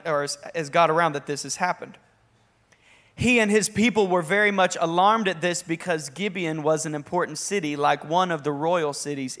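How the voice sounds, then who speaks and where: Man, young, pastor, energetic sermon, bright tone. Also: on the high side. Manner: energetic, conversational preaching with bursts of emphasis.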